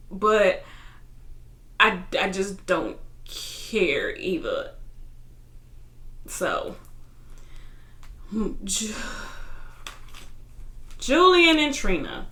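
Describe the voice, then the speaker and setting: Bright-voiced woman recapping reality TV. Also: mid-range voice, echoey room. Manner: chatty, retells scenes in paraphrased quotes. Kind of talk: casual episode recap.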